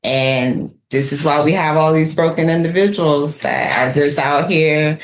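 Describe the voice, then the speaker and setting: A woman hosting a podcast, chatting emphatically and agreeing with her guest with a steady "yes, ma'am.". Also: deep voice, measured pace, reverberant, a little hiss or hum, low-quality recording. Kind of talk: casual conversational interview.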